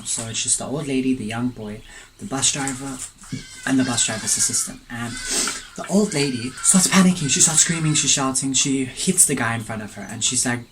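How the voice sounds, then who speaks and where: A man's voice: mid-range voice, slight background noise, low-quality recording. Man rambling through a story while eating. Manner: rambling, digressive, chatty; eats and tastes food between sentences. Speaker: mukbang vlogger.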